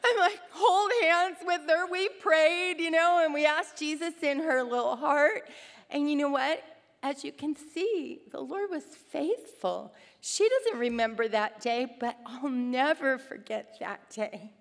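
A middle-aged woman, a mother of five, speaking to other mothers in an animated, storytelling way, acting out the voices she quotes. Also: high-pitched, measured pace, creaky, long reverb tail. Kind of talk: faith-based talk with personal stories.

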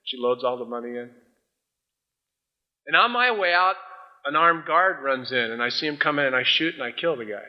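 In a dull lo-fi recording, a man preaches as a pastor, speaking at normal speed with a medium pitch and frequent pauses. He animates a courtroom story, voicing both the judge and the defendant with energy.

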